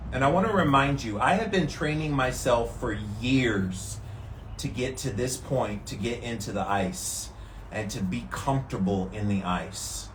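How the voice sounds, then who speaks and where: Male vlogger, mid-range voice, unhurried and steady, chatting from an ice tank. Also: mid-range voice, roomy sound, a little hiss or hum. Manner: calm and steady, relaxed despite the cold. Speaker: vlogger doing a daily ice bath challenge. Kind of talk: casual talk to camera. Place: sitting in an ice bath tank.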